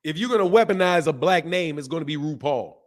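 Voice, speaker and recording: His fairly high voice moves fast as he hosts a boxing stream live, keeping up lively, casual talk and reading viewers' chat names aloud.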